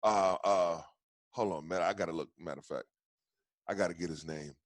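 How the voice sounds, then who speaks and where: A man's voice: low-pitched, brisk, no room sound. A man hosting a casual podcast, ranting in a heated, profane way with many restarts. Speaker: podcast host.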